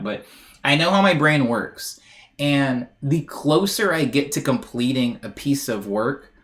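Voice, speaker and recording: Lively rambling male streamer. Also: mid-range voice. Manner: rambling and self-deprecating, reads chat aloud. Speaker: music streamer. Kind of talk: casual live-stream chat.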